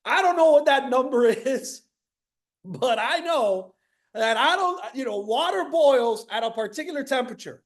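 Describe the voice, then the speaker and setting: A man from Miami giving a high-energy motivational talk to an audience, repeating key phrases and asking the crowd questions. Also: expressive, moderate pace. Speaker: motivational speaker.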